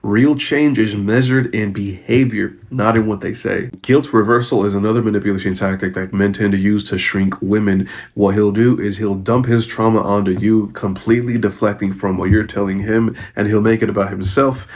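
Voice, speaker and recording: A man's voice: fairly low pitch, fairly even intonation, normal speed, few pauses, darkish tone, dull audio. A man giving an earnest, explanatory advice monologue.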